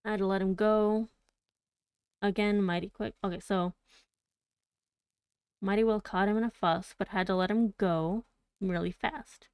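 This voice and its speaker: A woman reading the lines of a worried old male servant who speaks in a halting, rambling way. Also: mid-range voice, fairly even intonation, a little mellow, smooth, no echo, close to an everyday voice. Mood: insistent. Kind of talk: audiobook reading.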